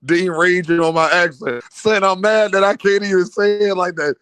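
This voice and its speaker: A man's voice: sits high, fairly even intonation, normal speed, fairly bright tone, smooth, dry recording. A man hosting a boxing live stream in casual, slangy talk, laughing often, mocking, and talking to his chat. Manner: laughs a lot, mocking, repeats a running catchphrase.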